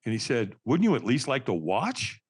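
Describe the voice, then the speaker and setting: A man's voice: mid-range voice, huge pitch swings, normal speed, breathy edge. A man on a podcast telling a story, acting out quotes in shifting voices and calling the host Doc. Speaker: podcast guest, firewalking instructor. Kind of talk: animated storytelling.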